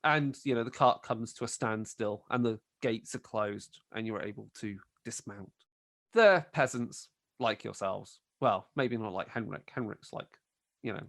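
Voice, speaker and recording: A man's voice: lowish voice, a little slow, gravelly, a bit bright, no echo, studio quality. A man narrating a tabletop game as game master, describing scenes in a rambling way with plenty of fillers.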